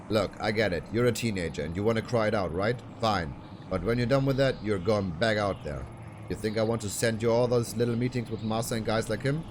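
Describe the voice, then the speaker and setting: A man reading lines for a scornful, abusive talent manager in a game, fairly low voice. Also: darkish tone, a little hiss or hum, close to an everyday voice. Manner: scornful, bullying. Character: abusive middle-aged male talent manager, bullying.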